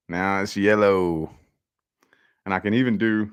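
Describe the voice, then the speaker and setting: A man's voice: lowish voice, moderate pace, pauses often. A man hosting a casual live stream from his home office, rambling in a laid-back way and talking straight to his viewers.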